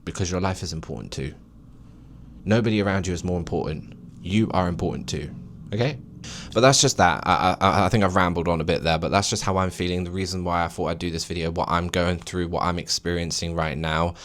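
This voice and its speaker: Podcast host, male, late 20s, deep voice, rambling preacher energy. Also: fairly even intonation, fairly quick, a bit bright. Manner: rambling and preachy, with emphatic encouragement. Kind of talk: solo podcast monologue.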